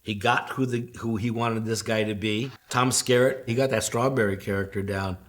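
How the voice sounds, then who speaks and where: A comedian telling lively anecdotes in an interview, acting out the quotes. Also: male voice, on the low side, moderate pace. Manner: animated storyteller who acts out quotes.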